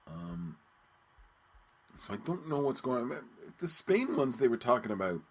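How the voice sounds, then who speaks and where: A man hosting his own podcast, talking casually and haltingly with many ums and restarts. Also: medium pitch, sing-song, breathy edge. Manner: rambling, hesitant, many ums and repeated words. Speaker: podcast host. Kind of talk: casual solo radio-show talk.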